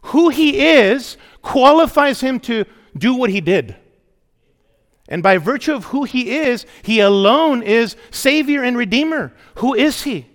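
With an extremely high, fairly bright voice, a pastor delivers an emphatic sermon, repeating key phrases and questioning the congregation. The church setting gives the recording a long hall reverb.

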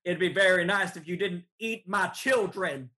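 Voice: mid-range voice, normal speed, pushed and bright, husky. A game master voicing a menacing old male farmer with a Southern drawl who rules a flock of turkeys, giving grandiose, scornful speeches. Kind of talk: tabletop game role-play.

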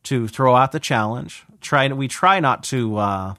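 A man's voice: medium pitch, unhurried, bright, forceful tone, no room sound, clean studio sound. Laid-back man podcast co-host. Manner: laid-back, hesitant with many fillers. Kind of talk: casual chat.

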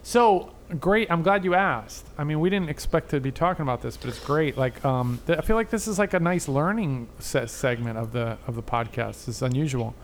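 Chatty rambling man, slightly high voice. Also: normal speed, few pauses, slight background noise. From Boston area, USA. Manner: chatty, rambling, self-interrupting explainer. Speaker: podcast co-host. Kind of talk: casual podcast chat.

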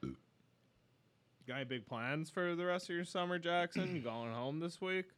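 A man's voice: a little high, expressive, moderate pace, a bit bright, smooth. A man co-hosting a casual podcast, reading a news story aloud with profane, sardonic asides. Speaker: podcast co-host.

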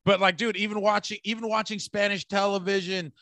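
This San Francisco Bay Area podcast host speaks high, flat, and a bit fast, his voice pushed and bright with no room sound. Casual and rambling, he curses liberally and breaks out laughing.

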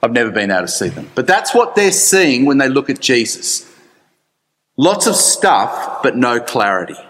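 A man preaching a sermon in church, chatty and animated with dry asides. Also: medium pitch, moderate pace, big-room sound. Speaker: pastor.

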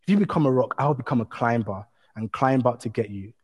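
A man voicing a steady mother bunny. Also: medium pitch, brisk, husky, natural voice. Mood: reassuring. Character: patient loving mother bunny from a children's book. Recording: long hall reverb.

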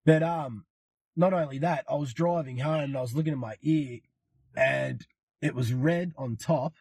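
A man's voice: mid-range voice, normal speed, darkish tone, slightly rough, dry recording. An Australian man telling a rambling, profane story to a podcast in a laid-back, casual way. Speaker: podcast guest.

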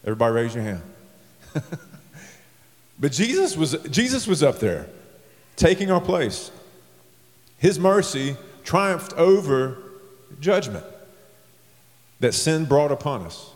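A man's voice: on the high side, sing-song, normal speed, pauses often. A man, a pastor, preaching a sermon in a conversational storytelling way, his voice lifting when he stresses a point. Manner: conversational storytelling with rising emphasis. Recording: long reverb of a large hall.

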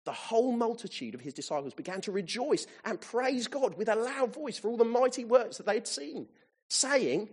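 A man preaching a sermon to his congregation, animated, with his voice rising to excited peaks. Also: extremely high pitch, normal speed, slightly rough.

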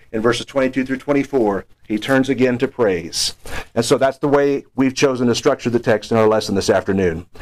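A man's voice: mid-range voice, low-quality recording. A man preaching a sermon in an earnest, explanatory way, lifting his voice on key phrases.

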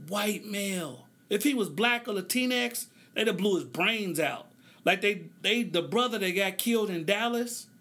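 A man hosts a solo podcast with a high voice that is bright and forceful. He's passionate and preacher-like, drawing out phrases in an impassioned cadence, yet loose and joking at times and laughing often. He gets emotional, even tearing up.

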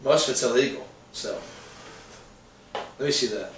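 A man's voice: medium pitch, moderate pace, far from the mic, slight background noise. A young adult man co-hosting a podcast, self-mocking and profane in casual chat. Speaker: podcast co-host. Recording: echoey room, away from the mic.

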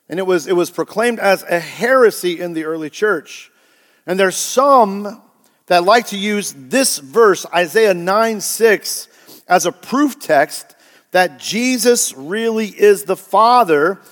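A man's voice: high-pitched, a bit bright, long reverb tail. A male pastor preaching a sermon, emphatic and often asking the congregation rhetorical questions.

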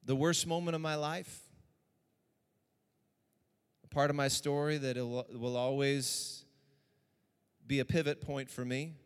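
A man preaching a sermon in an animated way, often repeating lines for emphasis. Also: medium pitch, measured pace, long pauses, clean tone, long reverb tail.

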